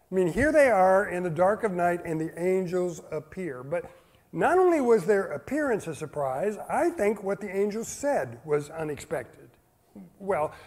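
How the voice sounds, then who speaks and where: A male pastor with a notably high-pitched voice delivers a relaxed, conversational sermon. He poses rhetorical questions, chuckles between points and slips into playful acted-out quotes. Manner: acts out quotes in a higher playful voice.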